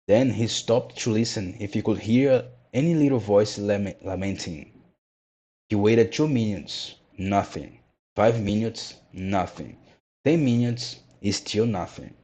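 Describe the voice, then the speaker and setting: A man reading a children's classic aloud in a measured, steady way. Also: on the low side, slightly rough. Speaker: narrator. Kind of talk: storybook read-aloud.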